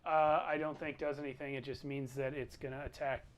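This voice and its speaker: A man running a tabletop game as game master, thinking aloud over the rules in an unhurried way. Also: medium pitch, little pitch movement.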